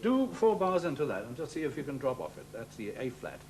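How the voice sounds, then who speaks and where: A man's voice: medium pitch, big pitch swings, fairly quick. A man teaching a clarinet masterclass, giving courteous, precise coaching. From England. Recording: old worn television transfer with music.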